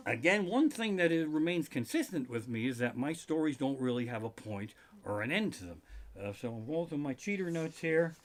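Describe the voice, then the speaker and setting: A man doing a live-streamed comedic rant from his living room, profane and animated with sudden outbursts. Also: fairly high pitch, normal speed. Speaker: comedian host.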